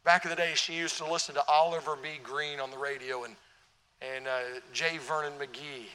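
A man preaching in a church, animated and humorous, throwing questions at his congregation. His voice sits high and sounds sharp and tense, with a long reverb filling the sanctuary. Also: normal speed. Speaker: pastor. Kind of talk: sermon.

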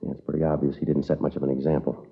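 In a tinny old radio broadcast, a man acts out a 1950s radio drama as a stern, steady police detective. His voice is extremely low, gravelly and breathy-edged, exaggerated yet flat, and he delivers clipped, matter-of-fact lines rapid-fire.

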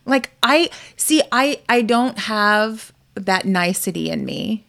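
A woman's voice: medium pitch, lively intonation, slow pace, gravelly, a bit bright. A middle-aged woman co-hosting a podcast, talking bluntly and chattily with frequent laughter. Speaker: podcast co-host. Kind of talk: casual chat.

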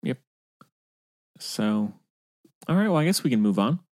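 An easygoing man co-hosts a casual podcast, agreeing often and restarting his sentences. His voice is mid-pitched and recorded dry and close. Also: very animated, a little slow, a little mellow, no room sound. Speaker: podcast co-host. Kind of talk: casual chat.

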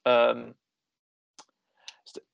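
A man's voice: very slow, dry recording, lo-fi sound. A British man co-hosting a casual chat, rambling and jokey, often hesitating while he hunts for a word. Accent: British English. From England. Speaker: podcast co-host.

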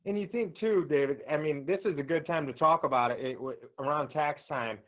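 A man's voice: on the high side, brisk. A man hosting an interview, chatting in a casual, conversational way. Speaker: host. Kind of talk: interview chat. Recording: tinny phone line.

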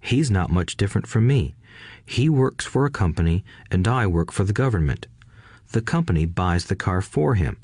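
A man narrating an audiobook in a steady, scripted read-aloud manner, lifting his voice a little for quoted lines. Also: sits low, moderate pace, slightly rough, no echo, studio quality.

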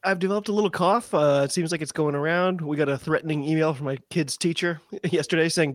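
A man co-hosting a podcast, chatting in a quick, offhand way. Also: on the high side, dry recording. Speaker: podcast co-host.

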